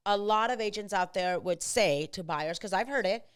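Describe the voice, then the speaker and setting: A woman real estate agent hosting a casual podcast chat, mixing English with Spanish and acting out clients in quick quotes. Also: mid-range voice, clear, resonant tone. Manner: switches between English and Spanish; animated, acts out buyers and agents in quotes.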